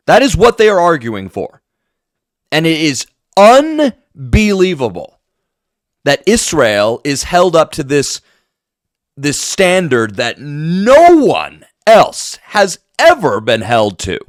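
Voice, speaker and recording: A man's voice: a little high, no room sound, studio quality. Indignant male political commentator. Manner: indignant, impassioned ranting.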